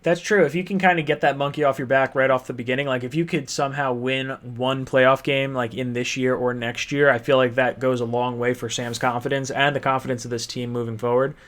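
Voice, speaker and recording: Guy hosting a sports call-in show, easygoing and chatty, mid-pitched voice. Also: little pitch movement, brisk, hardly any pauses, a bit bright. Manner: chatty, laughs easily, rattles off player names. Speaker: podcast host. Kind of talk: casual sports talk show.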